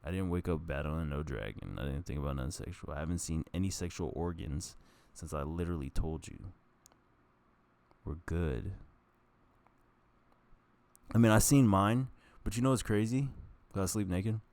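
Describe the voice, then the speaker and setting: A man's voice: low-pitched, moderate pace, gravelly, long pauses, darkish tone, dry recording. A young man talking to his camera in a rambling casual monologue, meandering and interrupting himself, laughing at his own stories. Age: young adult. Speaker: vlogger. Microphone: camera mic.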